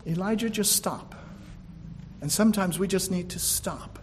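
A male preacher giving a sermon, swinging between loud emphatic lines and hushed, slow ones. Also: high voice, long reverb tail, slight background noise.

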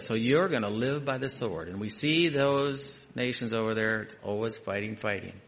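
A man's voice: fairly low pitch, animated, normal speed, few pauses. Male preacher, scripture reading with conversational asides. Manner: reads scripture aloud, then adds conversational asides, dropping to quiet emphasis. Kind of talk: sermon.

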